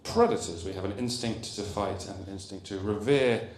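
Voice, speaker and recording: A man giving a comic lecture at a conference, animated and jokey with rambling asides. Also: fairly low pitch, normal speed. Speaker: comedian giving a conference talk. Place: conference hall. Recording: roomy hall echo.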